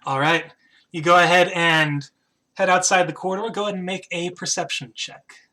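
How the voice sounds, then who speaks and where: A game master narrates a tabletop game in a bright, sharp voice. The telling is casual and hesitant, full of fillers and restarts. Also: medium pitch, steady tone, normal speed. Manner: hesitant narration with many "uh" and "kind of".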